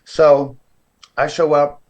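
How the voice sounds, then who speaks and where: A man's voice: a little high, takes it slowly. A man from California, a professional wrestler, telling his story as a guest in a casual interview and acting out the voices of the people in it. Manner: lively storyteller who acts out other people's voices.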